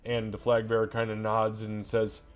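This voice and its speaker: A man's voice: fairly low pitch, monotone, moderate pace, clean tone, soft background music. A man narrating a tabletop game as game master, casual and swearing.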